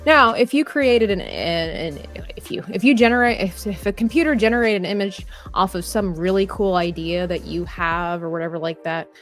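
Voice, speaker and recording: A woman's voice: fairly low pitch, normal speed, few pauses. A woman hosting a live drawing stream, talking earnestly in a rambling, casual way with frequent restarts while reading chat comments aloud. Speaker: livestream artist host. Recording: faint background music.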